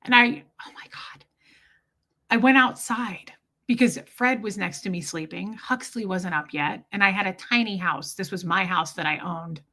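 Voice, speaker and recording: A woman's voice: medium pitch, normal speed, pushed and bright. A woman hosting a podcast, telling a personal story in a rambling, candid, emotional way and swearing freely. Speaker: podcast host.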